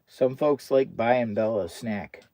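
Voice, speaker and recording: A man's voice: medium pitch, unhurried, warm tone, no echo. An American man chatting casually on a camping livestream from inside a hot tent, often talking baby talk to his dog. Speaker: camping vlogger.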